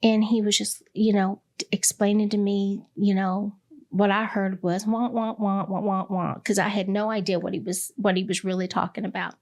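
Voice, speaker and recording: A middle-aged woman, a hospice director, candidly telling a personal story in an interview, pausing often with fillers. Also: mid-range voice, level tone, darkish tone. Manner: candid and reflective, with many pauses and fillers.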